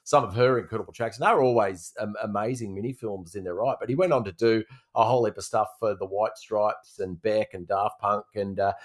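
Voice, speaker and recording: A fairly low-voiced man hosts a podcast segment. He rambles easily, with plenty of pauses and fillers. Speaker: podcast co-host presenting a segment.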